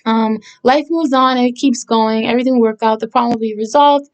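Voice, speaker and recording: A woman songwriter chats casually about her own song, earnest and reflective, hesitating and hunting for words with lots of fillers and restarts, plus short laughs. Her voice is on the high side, steady in tone, and fairly quick.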